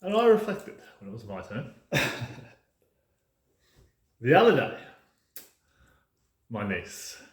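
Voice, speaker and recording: A man talking on his own in a fired-up, ranting way, leaning hard on his words and swearing freely. His voice sits a little low. The sound is roomy, with a clear echo around him. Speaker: podcast host. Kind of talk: casual monologue.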